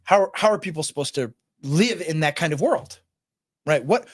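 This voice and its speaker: Lively higher-voiced man chatting. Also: normal speed. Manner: animated, keeps asking "right?". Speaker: podcast host. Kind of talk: casual political chat.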